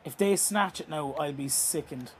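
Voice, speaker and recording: A young Irish man giving live, excitable commentary on a football video game, swearing and shouting at the action. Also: fairly high pitch, moderate pace, slightly rough. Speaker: gaming YouTuber.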